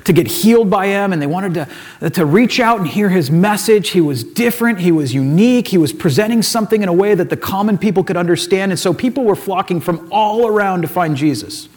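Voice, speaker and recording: High-voiced man preaching a lively sermon. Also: a little fast. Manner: animated storytelling, acting out quoted characters in casual voices. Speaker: pastor.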